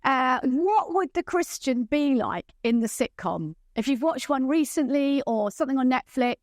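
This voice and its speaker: A woman's voice: sits high, lively intonation, normal speed, no echo, clean studio sound. A woman presenting a church leadership training session, enthusiastic and often checking in with her audience. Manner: enthusiastic, checks in with rhetorical questions.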